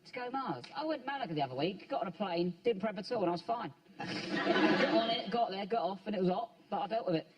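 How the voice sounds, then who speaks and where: A man's voice: high voice, animated, fast, far from the mic, lo-fi sound. Chatty, laughing male comedian. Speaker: comedian panelist. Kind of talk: comedy panel banter.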